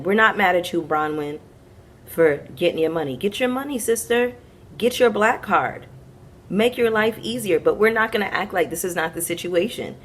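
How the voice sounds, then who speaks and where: A woman with a low voice recapping reality TV for her viewers. She talks frankly and with sass, tossing in slangy asides as she goes. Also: a little hiss or hum. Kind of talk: casual commentary recap.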